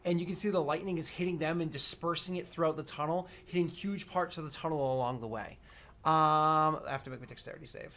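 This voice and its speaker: A man's voice: a little high, a bit bright, a little hiss or hum. Man narrating as game master. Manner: descriptive, unhurried narration.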